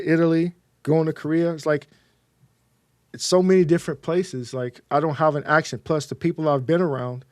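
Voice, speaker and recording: A man's voice: on the high side, a little mellow, no echo, studio quality. A man from Texas chatting casually on a livestream, rambling with many fillers and repeated words.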